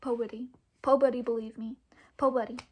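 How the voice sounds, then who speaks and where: Brief: young woman vlogger, high breathy voice, rambling, half-whispered storytelling. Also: level tone, a little fast. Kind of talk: casual dream storytelling.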